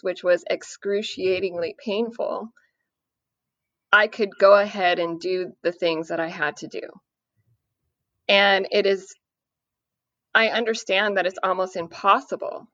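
A woman speaking earnestly about parenting a son with addiction, in a measured way with many fillers. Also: mid-range voice, steady tone, a bit bright, no room sound. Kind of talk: conversational podcast interview. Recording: dry, muffled lo-fi audio.

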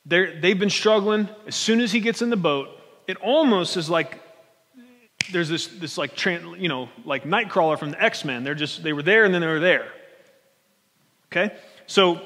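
At a normal speed, a man with a high voice preaches an animated sermon in a conversational way, stumbling over his phrases and restarting them. A large hall lends his words a long, ringing reverb.

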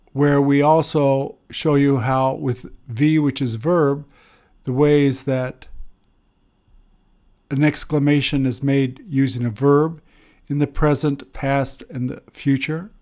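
A man teaching an English grammar lesson, explaining step by step with pauses and fillers. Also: medium pitch, a little mellow. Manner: slow, deliberate, with pauses and fillers.

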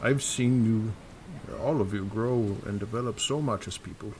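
A man voicing an ancient, gentle, grandfatherly skeleton in a tabletop role-play, talking in a wistful, measured way. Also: lowish voice, slight background noise, lightly acted.

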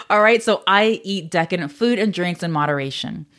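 A woman's voice: mid-range voice, a bit bright. A woman hosting a wellness podcast, talking in a casual, candid way with many fillers and frequent laughs, a little choked up at times. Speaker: podcast host. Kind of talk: casual solo podcast talk.

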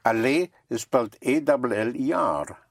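A French teacher giving a slow, patient one-on-one lesson and spelling words out letter by letter. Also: mid-range voice, expressive, dry recording.

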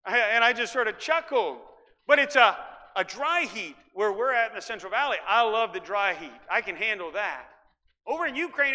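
A middle-aged man from Iowa preaching a sermon as pastor, emphatic and folksy, rising at times to shouts. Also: very high-pitched. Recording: long hall reverb.

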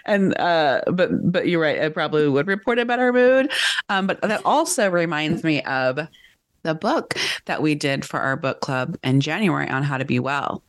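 A woman co-hosting a casual book club chat, talking in a chatty, animated way and laughing easily. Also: low voice, normal speed, no room sound, clean studio sound. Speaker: podcast co-host.

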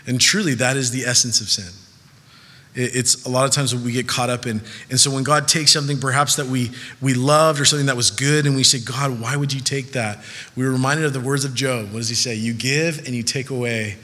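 Young male pastor from Southern California, bright voice, long hall reverb. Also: medium pitch. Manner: conversational, animated storytelling with laughs. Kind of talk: sermon.

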